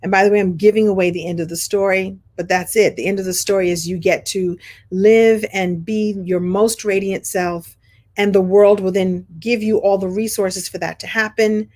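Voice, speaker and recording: A middle-aged woman from Brooklyn with congested sinuses, telling a story to her program group in an animated, chatty way, clearing her throat often. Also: mid-range voice, normal speed. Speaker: host of a coaching program. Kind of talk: casual storytelling to an online group.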